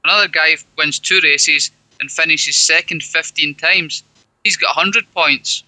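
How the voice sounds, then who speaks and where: Male guest, sharp bright voice, argumentative. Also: fairly high pitch, measured pace, no echo, poor audio. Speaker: panel guest. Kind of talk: casual panel chat.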